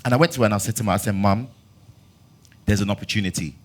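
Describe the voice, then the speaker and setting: A man in his twenties with a London accent, telling his story at a master class in a lively way and acting out dialogue. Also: fairly low pitch, fast. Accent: London English. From London, England. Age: 20s. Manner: animated storyteller who acts out dialogue with bursts of loud laughter. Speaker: actor giving a master class talk. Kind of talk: storytelling talk to an audience.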